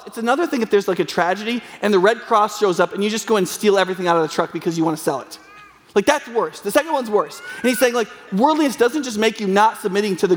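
A man with a high voice preaches in an earnest, conversational way, often breaking into fillers and restarts. His words ring out with a long reverb, as if carried through a large hall. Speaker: pastor. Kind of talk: sermon.

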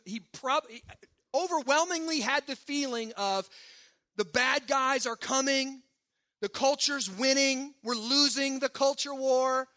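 A man's voice: very high voice, bright, forceful tone. A man preaching a sermon in a conversational, emphatic way, often checking in with the congregation. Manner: emphatic, conversational preaching with frequent "right?" asides. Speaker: pastor.

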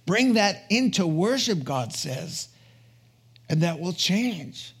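A man's voice: high voice, sing-song, slow pace, breathy edge. A man preaching a conversational sermon in an earnest, chatty way, often checking in with his listeners. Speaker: pastor.

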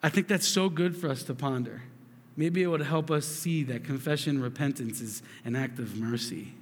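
A man's voice: medium pitch, moderate pace, in a large hall. A man in his thirties giving a sermon, telling a family story with earnest asides and frequent restarts. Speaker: pastor.

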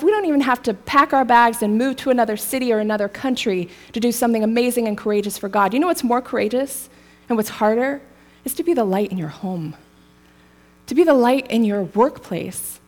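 A woman preaching a sermon in a casual, storytelling way, laughing lightly now and then. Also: on the high side.

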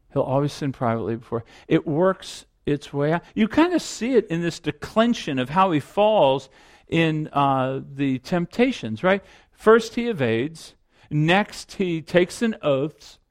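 A middle-aged male pastor preaching a sermon, earnest and reflective, often repeating a phrase for emphasis. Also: a little high.

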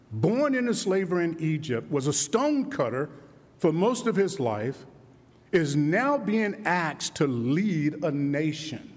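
A man preaching a sermon with animated delivery and frequent rhetorical questions, dropping low and slow when he quotes. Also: big-room sound. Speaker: pastor.

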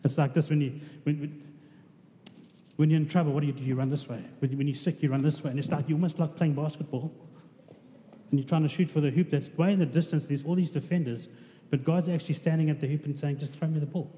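A man's voice: on the high side, steady tone, fast, mellow. A man preaching a conversational sermon, asking his congregation questions. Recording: reverberant hall with faint noise.

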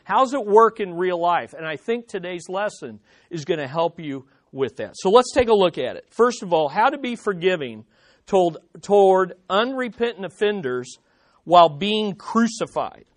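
Animated high-voiced male preacher. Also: moderate pace. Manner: animated, rising to emphatic quotes. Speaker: pastor. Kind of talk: sermon with scripture reading.

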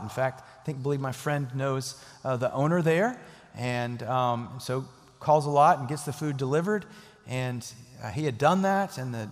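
A man preaching in a church, his mid-pitched voice carrying a long reverb through the sanctuary. He speaks earnestly and leans on repetition to drive his points home, with an occasional chuckle as he tells a story. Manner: earnest, emphatic repetition, chuckles while telling stories. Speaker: pastor. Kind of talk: sermon with storytelling and closing prayer. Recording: echoey hall reverb.

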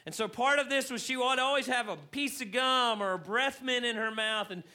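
A male pastor preaches to his congregation in a high, bright voice. He tells a funny story in an animated way, getting louder to stress his points. His tone is lively and pointed. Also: moderate pace. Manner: animated storyteller, rising in volume for emphasis. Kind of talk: sermon with a humorous story. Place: church hall.

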